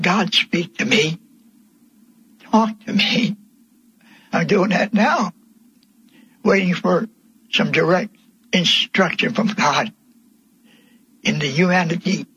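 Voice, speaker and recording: An older man preaching a sermon, telling his testimony slowly and emphatically, with voice rising into cries. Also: high voice, fairly bright tone, slightly rough, dull audio. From Pennsylvania, USA.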